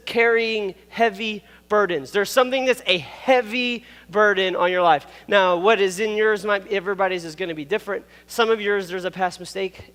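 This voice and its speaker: A man's voice: high-pitched, a bit bright, big-room sound. A man in his thirties, a pastor giving a casual, playful youth sermon on stage with a microphone. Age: 30s. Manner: casual and playful, with asides and laughs. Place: stage in a church hall. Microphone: wearing a microphone.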